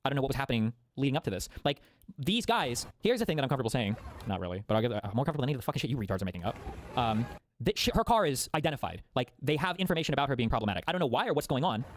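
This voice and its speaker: A man's voice: mid-range voice, a little hiss or hum. A man live-streaming, arguing with his chat in a profane, argumentative way while thinking aloud. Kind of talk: live reaction commentary.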